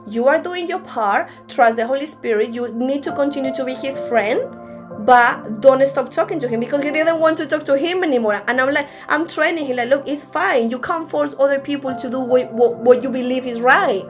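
High-pitched lady preaching, chatty and stop-start, soft music underneath. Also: normal speed. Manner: conversational with frequent restarts. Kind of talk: sermon. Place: church service.

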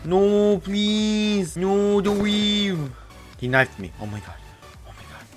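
A man giving live commentary over a game into a headset, gushing and excitable like a starstruck fan. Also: high-pitched, takes it slowly, faint music behind. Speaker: gaming YouTuber.

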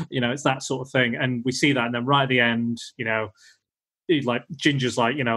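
A man's voice: mid-range voice, pushed and bright, slightly rough. A man hosting a podcast in casual film chat, rambling and acting out lines from the movie. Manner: rambling, acts out film lines in quick voices. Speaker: podcast host.

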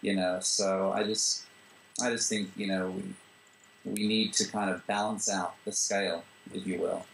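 A man from Australia talks through his views in an interview, with a low voice that rasps into fry. He speaks loosely and restarts often, leaning on fillers. A faint noise floor sits under the recording. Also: a little slow, poor audio. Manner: relaxed, full of "you know" fillers and restarts. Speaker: screenwriter and director. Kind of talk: interview answers.

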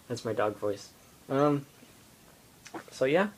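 Teen boy, vlogger, slow and unhurried, halting, filler-heavy, casual home iPod recording. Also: mid-range voice, fairly even intonation, a little hiss or hum. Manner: rambling, halting, lots of fillers. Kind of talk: casual rambling vlog. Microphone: iPod camera.

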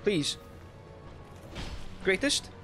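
A man giving let's play commentary, swearing and shouting frustrated outbursts at the game. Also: drawn-out words, soft background music. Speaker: gaming YouTuber.

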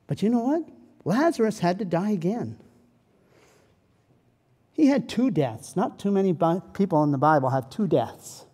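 A man preaching a sermon as pastor, dramatic, moving between loud pleading and a soft, slow hush. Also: sits high, animated, slightly rough. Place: church sanctuary. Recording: church hall with long reverb.

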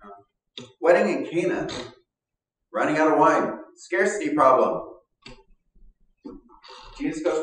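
A man's voice: a little high, animated, takes it slowly, long pauses, fairly bright tone. Guy preaching, chatty storyteller, mic kinda far off in a big echoey room. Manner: conversational storytelling, acts out quoted voices. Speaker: pastor. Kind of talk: sermon. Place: church hall. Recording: echoey church hall from a distance.

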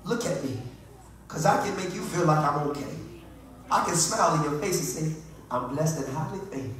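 A man preaching a fervent Pentecostal sermon that swings from low talk to loud cries, calling on the congregation to answer him. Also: normal speed, distant mic. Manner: calls on the congregation to respond. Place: church sanctuary. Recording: echoey church hall with faint music.

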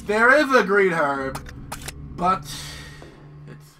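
A man plays a video game and commentates let's-play style, excitable and cursing, yelling at his in-game partner and talking himself through every step. His voice is on the high side at a moderate pace, a bit off-mic and distant, with loud game music behind him.

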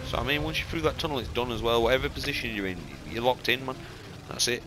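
Sweary lad ranting over a racing game. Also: male voice, medium pitch, fast talker. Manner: sweary, blunt, exasperated ranting. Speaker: gaming YouTuber. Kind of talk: casual gameplay commentary. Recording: noisy game sounds behind voice. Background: racing game car and engine sounds.

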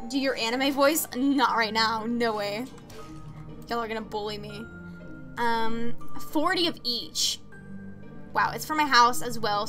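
A young woman talks casually while streaming a game, reading out chat and laughing often. Her voice sits a little high and sounds bright and clear. Soft music plays behind her. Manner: chatty, reads chat aloud, laughs often.

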